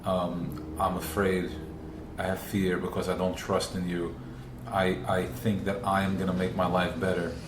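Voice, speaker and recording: Low-voiced man teaching in an echoey room. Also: little pitch movement, unhurried, noisy background. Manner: earnest, repetitive restarts, acts out inner voices. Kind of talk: live religious class. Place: room with a small group. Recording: roomy live recording.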